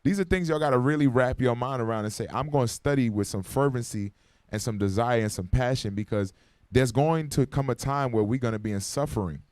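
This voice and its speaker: A man leading a Bible class at a quick pace, talking casually and with urgency. He keeps checking that the room is with him and asking for responses. His voice sits in a middle pitch, recorded dry and close. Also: darkish tone, no room sound. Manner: conversational and urgent, calling for responses. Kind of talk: informal Bible class teaching. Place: classroom gathering. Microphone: microphone.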